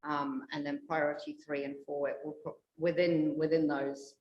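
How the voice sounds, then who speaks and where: A woman council officer giving measured advice at a hearing, recorded in an echoey room. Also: sits low, level tone, muffled recording, a little hiss or hum. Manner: measured, explanatory.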